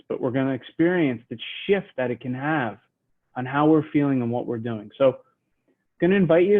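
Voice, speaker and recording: A man talks listeners through a mindfulness moment as a leadership trainer, his voice slow and soothing. He sits at a middling pitch, and the recording sounds tinny and narrow, as if heard over a phone line. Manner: slow, soothing, drops to a hush while counting breaths. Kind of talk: guided mindfulness lesson.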